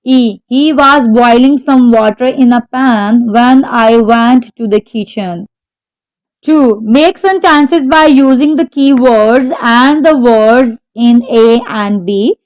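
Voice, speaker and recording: A woman teacher slowly reading out textbook exercise answers, carefully naming the stressed syllable of each word. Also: a little high, darkish tone, low-quality recording. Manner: slow, careful dictation, spelling out word stress. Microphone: home microphone.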